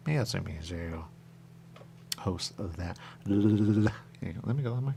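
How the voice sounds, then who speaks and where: A man's voice: on the low side, animated, moderate pace, gravelly, mellow, slight background noise. A man hosting a radio show in loose, rambling on-air chat, drifting between thoughts and repeating stock phrases.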